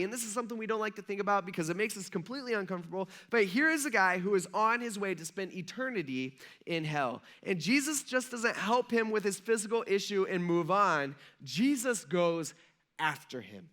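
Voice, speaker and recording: Male church pastor, relaxed storytelling sermon, high ringing voice. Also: brisk. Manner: loose storytelling, retelling scripture in everyday talk with many "like"s. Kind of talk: casual conversational sermon.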